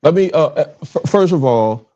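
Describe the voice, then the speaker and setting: A man's voice: on the high side, animated, normal speed, mellow. A middle-aged man from Richmond, Virginia, with a Southern accent, hosting a podcast livestream alone in casual, rambling talk that keeps interrupting itself. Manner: rambling, self-interrupting, fumbles with his stream setup. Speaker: podcast host. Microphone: livestream with phone recording. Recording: slightly dull, lo-fi livestream audio.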